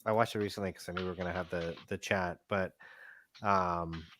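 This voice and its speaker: A man in a casual movie chat, rambling with many restarts and growing animated. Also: low-pitched, fairly quick, slight background noise. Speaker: podcast guest.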